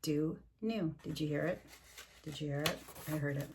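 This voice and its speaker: A woman's voice: low-pitched, normal speed, gravelly, noisy background. An older woman, a grandmother, reading a picture book aloud with chatty asides and frequent laughs, her voice swooping up when she reads the story.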